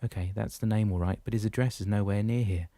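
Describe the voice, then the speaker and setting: Easygoing teasing friend read by a man, relaxed, low dark voice. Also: fast, dry recording, natural voice. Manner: relaxed, joking.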